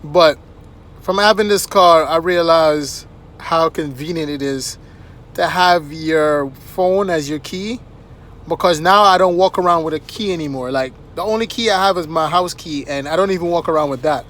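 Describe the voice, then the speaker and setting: A man with a high voice tells casual anecdotes to camera. He is animated and chatty, and keeps tossing in little checks with the listener. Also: normal speed. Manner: animated, chatty, frequent "right?" asides. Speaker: vlogger.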